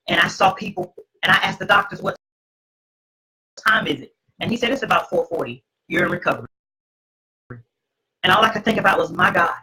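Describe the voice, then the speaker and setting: A middle-aged woman hosts and tells her own testimony to a live audience with the emphasis of a preacher. Her voice is husky and gravelly, with a bright, edgy tone. Her pitch swings widely from low to high as she makes her points. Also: rough recording. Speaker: host.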